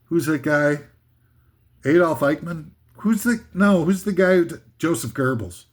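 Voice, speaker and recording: Male comic ranter, sarcastic and rambling, voice sitting a little high. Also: animated, unhurried. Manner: scornful, rambling, sarcastic, with mock singing bits. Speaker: comedic ranter. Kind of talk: comedic rant.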